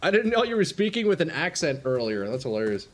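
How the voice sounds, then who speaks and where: A man's voice: on the high side, fast talker. A young man streaming a video game, talking chattily to other players and calling them bro. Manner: chatty, calls people bro and brother. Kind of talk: live gameplay commentary. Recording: steady noise behind the voice.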